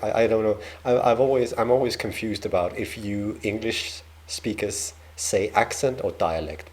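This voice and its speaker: Danish man, Danish accent, reaction host, low voice, slow, hesitant, lots of ums. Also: a little mellow. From Denmark. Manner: hesitant, self-deprecating, lots of fillers. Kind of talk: casual reaction commentary.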